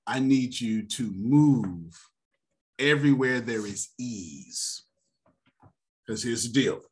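Male host, super lively pitch, preachy hype, laughs a lot. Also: slow. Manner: animated, preacher-like, laughs often. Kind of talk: motivational finance talk.

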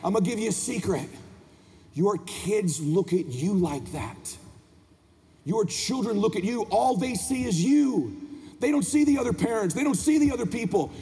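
A man's voice: extremely high pitch, animated, a little fast, dark tone. A man giving an impassioned motivational speech from a convention stage, pressing the crowd with questions. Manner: impassioned, preaching to the crowd, asks the room questions. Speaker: motivational speaker. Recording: long reverb of a convention hall.

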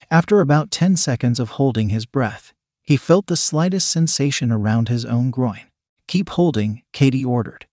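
A man narrating a scripted erotic story in a steady, even reading voice. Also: mid-range voice, dry recording, clean studio sound.

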